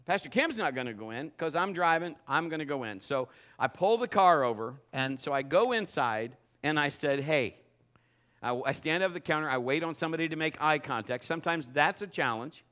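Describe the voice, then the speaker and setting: A middle-aged man preaching a sermon, telling a funny story and acting it out in a lively way. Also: fairly high pitch, fairly quick. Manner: animated, acts out the story. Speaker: pastor.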